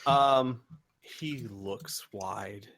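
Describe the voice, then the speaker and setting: A man running a tabletop game in a relaxed, talkative way. His voice sits at an ordinary mid pitch, and he often breaks into laughter. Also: very slow, slight background noise. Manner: casual and chatty, with frequent fillers and laughter. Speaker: game master.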